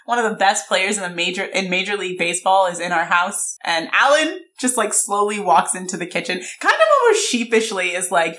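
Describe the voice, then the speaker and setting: A woman's voice: fairly quick, few pauses. Young woman podcast co-host, chatty recapper who drops her voice for quoted lines. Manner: animated retelling, quoting characters in lowered voices. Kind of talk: casual recap chat.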